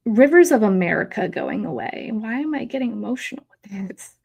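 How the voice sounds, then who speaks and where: A woman's voice: mid-range voice, animated, brisk, gravelly, a little mellow, slightly rough. A woman in her thirties hosting a live stream, chatting in a rambling, emotional way with many fillers and replying to chat. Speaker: host of a live theme park stream.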